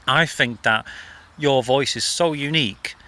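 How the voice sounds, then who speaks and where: Man hosting an interview, bright forceful voice, chatty, advice-giving. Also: mid-range voice, measured pace. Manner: chatty, gives advice freely. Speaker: interview host. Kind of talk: casual chat. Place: outdoors by a bridge.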